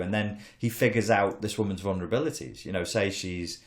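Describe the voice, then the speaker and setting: A man's voice: low-pitched, fairly quick, echoey room. A man hosting a casual podcast conversation, candid and blunt, with some swearing and acted-out quotes. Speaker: podcast host, coach on narcissistic abuse.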